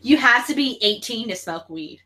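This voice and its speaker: A woman's voice: on the high side, lively intonation, normal speed, bright, forceful tone. A woman hosting a casual watch-along chat, giggly and crude, with frequent laughter. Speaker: channel host.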